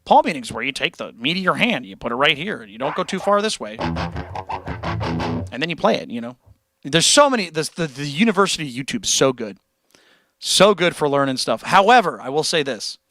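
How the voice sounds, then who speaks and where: A man hosting a livestream who chats casually with his viewers and reads out their comments. He talks in an animated, joking way and swears freely. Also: fairly high pitch, a little fast, soft background music. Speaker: livestream host and guitarist.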